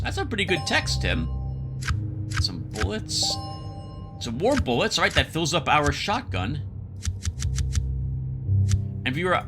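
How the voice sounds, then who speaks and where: Speaking a little slowly with long pauses, a man with a high-leaning voice and wildly swooping pitch comments casually on his solo board game session. Music sits beneath him as he muses aloud, mumbles asides, and reads out the cards, let's-play style.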